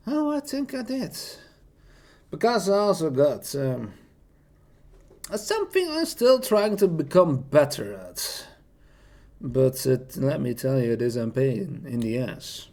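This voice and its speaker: A man's voice: mid-range voice, big pitch swings, slow, vocal fry, dark tone. A young man chatting casually on a stream, rambling in a self-deprecating way with slightly non-native phrasing. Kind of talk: casual chat showing off voices.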